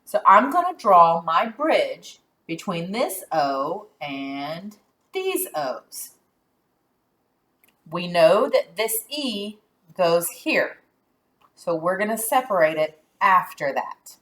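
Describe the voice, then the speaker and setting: A woman teacher giving a phonics lesson to young children, sounding out letters and syllables deliberately and praising answers. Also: fairly low pitch, very animated, fairly bright tone.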